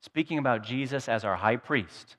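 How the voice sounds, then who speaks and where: A man's voice: medium pitch, expressive, normal speed, a bit bright. A man pastor delivering a sermon in a storytelling, humorous way, often repeating his words as he goes. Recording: long hall reverb.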